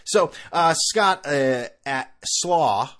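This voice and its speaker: A man's voice: a little high, lively intonation, very slow, a bit bright. A middle-aged man hosting his own podcast, rambling casually with sarcastic, self-mocking asides. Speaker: podcast host. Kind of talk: casual solo podcast rant.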